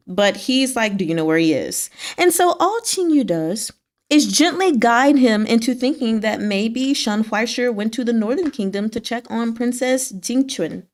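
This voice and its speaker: A woman talking through a novel's latest chapters in a relaxed, conversational way. Her voice sits at an ordinary middle pitch, and she keeps it chatty and wry, breaking into laughs and snapping into quick voices for the characters. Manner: chatty and wry, laughs often, acts out quick lines from the story. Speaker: book discussion host. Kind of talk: casual book chat.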